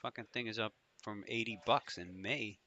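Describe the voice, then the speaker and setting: Dude hosting a live trading stream, bright voice, cursing and joking over charts. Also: male voice, lowish voice, steady tone, moderate pace, muffled recording. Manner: loose, profane, jokey chart talk. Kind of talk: live market banter.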